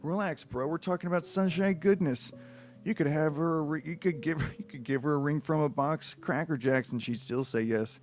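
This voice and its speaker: A man's voice: fairly high pitch, moderate pace, faint music behind, natural voice. A man voicing a brash, boastful male milk chocolate squirrel in a read-aloud storybook. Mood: cocky. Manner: boastful, brotherly.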